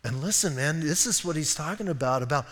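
Man, pastor, sermon, conversational storytelling, fairly high voice, reverberant church hall. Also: fairly quick. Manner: conversational, self-deprecating, animated storytelling. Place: church sanctuary.

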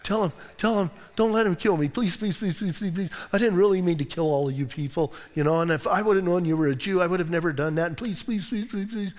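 A man voicing a terrified male court official who grovels and begs for his life, in soft, repetitive pleading. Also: sits high, quick pace, few pauses, big-room sound, close to an everyday voice. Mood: begging. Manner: pleading, repetitive begging, softer than his preaching.

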